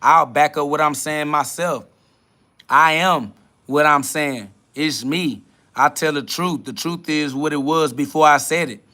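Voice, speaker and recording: A man hosting a livestream delivers a profane spiritual rant, swearing heavily as he combatively and dismissively answers chat comments. His pitch is fairly high and his tone sharp, though he speaks unhurriedly.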